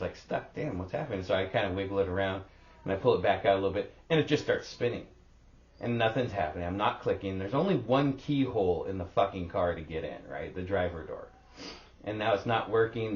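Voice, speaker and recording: Animated, swearing man with a low voice. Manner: animated, swears a lot, acts out sounds. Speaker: podcast co-host. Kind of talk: casual storytelling chat. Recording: roomy, dull lo-fi sound.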